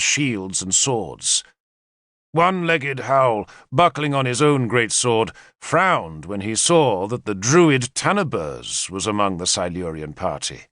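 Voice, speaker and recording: A man reading a historical novel aloud as narrator, in a measured first-person storytelling manner. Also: mid-range voice, no echo, clean studio sound. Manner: measured storytelling with lively intonation. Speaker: audiobook narrator.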